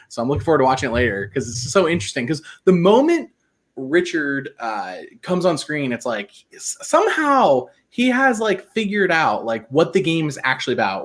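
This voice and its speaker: Lively chatty man on a podcast. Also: a little high. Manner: chatty, laughs often, lively rises and falls. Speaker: podcast co-host. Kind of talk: casual podcast chat.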